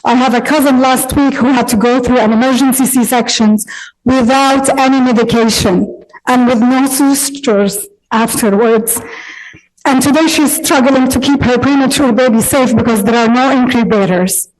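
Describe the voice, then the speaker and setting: A woman from Gaza speaks at a city council podium microphone. Her voice sits a little high, and she talks with urgent passion. She pleads and repeats phrases for emphasis. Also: fairly even intonation, normal speed, darkish tone, low-quality recording. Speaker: resident giving public comment. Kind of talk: public comment at a city council meeting.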